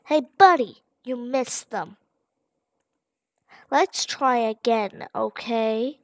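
A woman's voice: on the high side, drawn-out words, no echo. A woman voicing a mocking, two-faced flower creature from a video game, sweet on the surface and sinister underneath, reading its lines in a sing-song, falsely friendly way. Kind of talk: reading game dialogue aloud.

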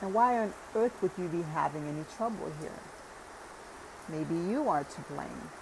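A woman's voice: fairly low pitch, animated, measured pace, background noise. A woman voicing a cheerful, playful old wife who speaks in a light, teasing way in a storybook reading.

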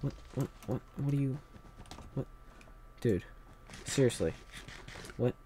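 A man hosting a gaming channel, rambling through Minecraft commentary and bursting into loud angry yelling. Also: medium pitch, slow, a little hiss or hum.

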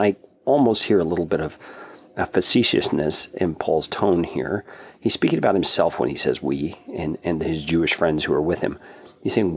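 Man, low and gravelly, earnest Bible teacher explaining a passage, a bit distant from the mic. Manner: earnest, explanatory, thinks aloud with small restarts. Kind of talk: casual Bible study teaching.

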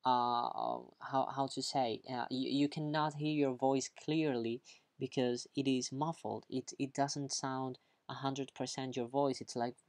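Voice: mid-range voice, level tone, measured pace, a little mellow. Upbeat teacher. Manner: upbeat, chatty, keeps checking in with "okay?"; playful, acts out examples, laughs at own jokes. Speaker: English teacher. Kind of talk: online grammar lesson, explaining vocabulary.

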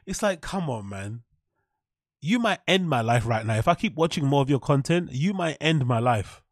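A man's voice: mid-range voice, lively intonation, normal speed, dry recording, studio quality. A man streaming casual commentary, sarcastic and mocking, breaking into laughs as he reacts to a podcast clip.

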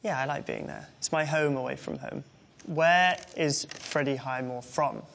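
A man's voice: medium pitch, unhurried, creaky, a bit bright, slight background noise. A man in his twenties with an English accent reads questions aloud and answers them with wry, self-deprecating humor. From England. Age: 20s. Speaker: interviewee.

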